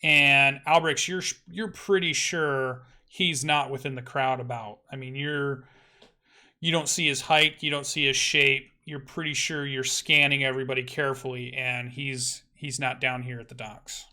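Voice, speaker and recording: A man running a tabletop game as game master. He narrates haltingly, restarting often. His voice is bright and forceful, at a middle pitch. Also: fairly even intonation. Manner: halting, many ums and restarts.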